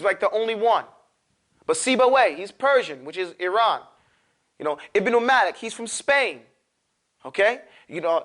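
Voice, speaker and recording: A man teaching a Quran recitation class, drawing syllables out slowly for students to repeat, then explaining in quick, loose talk. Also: high-pitched, a bit bright. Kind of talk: classroom tajweed lesson.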